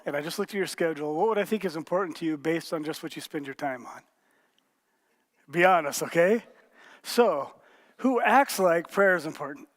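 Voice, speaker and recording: A male pastor giving a joking, conversational sermon and polling his congregation. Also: high-pitched. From rural area.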